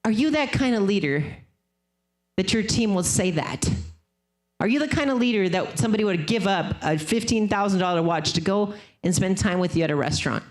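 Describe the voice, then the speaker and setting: Woman, seminar speaker, emphatic, repetitive, casual, mid-pitched voice. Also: expressive, fairly quick. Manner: emphatic, repeats phrases, casual swearing-lite. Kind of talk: motivational seminar talk.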